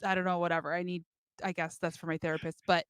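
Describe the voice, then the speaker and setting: A woman's voice: fairly low pitch, level tone, fast, clean tone, no echo, studio quality. A woman co-hosting a podcast, telling a story in casual chat and laughing as she goes. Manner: chatty, laughs while telling stories. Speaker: podcast co-host.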